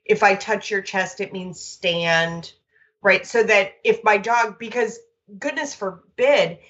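A woman dog trainer talking in a lively, storytelling way, full of quick asides. The recording is a bit dull and lo-fi, as if the highs were rolled off. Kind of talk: casual conversational chat.

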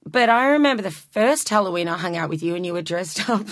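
A woman's voice: lowish voice, lively intonation, quick pace, no room sound, clean studio sound. An Australian woman, a musician, chatting casually, laughing often and swearing freely. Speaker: musician guest. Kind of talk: casual chat.

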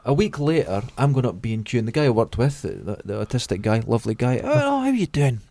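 A middle-aged Scottish man chatting casually on a podcast. He tells stories with animated jumps into quoted voices. His voice sits in a middle register, close and dry with no room around it. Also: medium pitch, quick pace, gravelly, dry recording. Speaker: podcast co-host. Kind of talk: casual chat.

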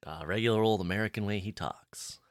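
A young man co-hosting a podcast, talking casually with many fillers and quick laughs. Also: lowish voice, no echo. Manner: rambling, lots of "like", quick laughs. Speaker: podcast co-host. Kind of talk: casual chat.

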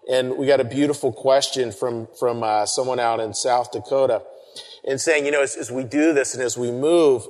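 Conversational preacher with a big-hall echo. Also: male voice, mid-range voice. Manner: swings from shouting to hushed whispers for effect; repeats words and restarts, conversational. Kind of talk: sermon. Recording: long reverb of a hall.

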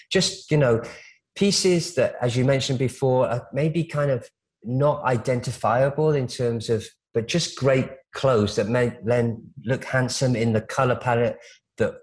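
In relaxed interview chat, a male stylist rambles through lengthy stories, often restarting and leaning on fillers. He has a mid-range voice, heard on poor audio.

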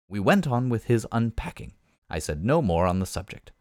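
A man reading a comic novel aloud, lively and expressive in his storytelling. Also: fairly low pitch, a little fast, no echo, clean studio sound. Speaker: reader.

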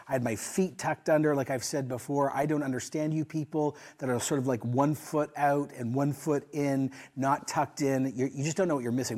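A man in his forties preaching a sermon, telling a personal story with humor and swinging between soft, quiet asides and loud, emphatic lines. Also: medium pitch. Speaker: pastor.

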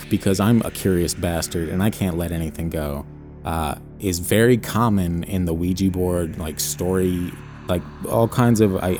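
A man's voice: low voice, a little mellow. A man co-hosting a podcast, telling a personal story in a rambling casual way full of fillers. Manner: rambling, hedging with many fillers. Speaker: podcast co-host.

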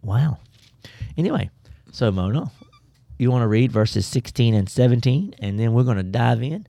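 Joking, animated man hosting a chat. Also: mid-range voice, normal speed, gravelly, dry recording. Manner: joking, laughs often. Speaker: host. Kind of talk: casual chat.

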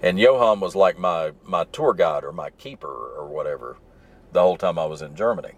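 A man's voice: low voice, lively intonation, brisk. A man with a mild Southern accent, hosting a podcast and telling stories in an easygoing, rambling way from his truck in traffic. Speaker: podcast host. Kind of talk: casual solo storytelling while driving.

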